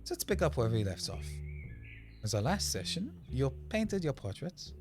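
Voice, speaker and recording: Curious older psychiatrist, calm questioning, mid-pitched, lively intonation, a man doing a shaky German accent. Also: fairly quick, music in the background, close to an everyday voice. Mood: probing. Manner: attempts a German accent and gives up.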